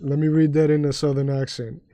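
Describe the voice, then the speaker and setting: A New York man rambles through stories on his game stream, swearing freely and tripping over his own restarts. His voice sits a little high for a man but sounds warm and mellow. The sound is close and dry. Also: little pitch movement, fairly quick, dry recording. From New York City. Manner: rambling, profane storytelling with many restarts. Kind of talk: casual livestream chat.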